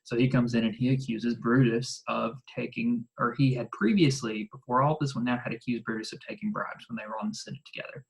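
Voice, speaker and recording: A teacher with a drawl talks through a recorded lesson in a loose, chatty way. The delivery is animated, full of "like," with exasperated asides to the class. Everything stays informal and conversational. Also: medium pitch, fairly quick, gravelly, hardly any pauses, rough recording. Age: adult. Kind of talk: recorded lecture explaining a play.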